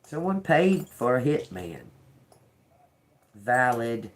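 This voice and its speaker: An older woman doing a live tarot reading, talking slowly and bluntly with swearing, repeating words as she reads the cards aloud. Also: sits low, animated, vocal fry. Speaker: tarot reader.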